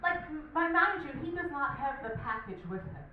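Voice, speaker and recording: A woman's voice: sits high, sing-song, normal speed, slight background noise. A woman in her thirties doing a stand-up comedy set, chatty and self-mocking with lots of asides, on a comedy club stage. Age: 30s. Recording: echoey hall, distant dull mic.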